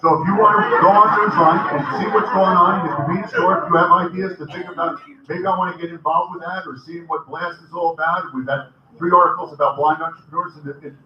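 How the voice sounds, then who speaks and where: A man speaking at a convention, friendly but halting, often repeating words as he goes. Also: on the high side, steady tone, crowd noise. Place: convention hall. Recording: echoey hall, from far off, dull.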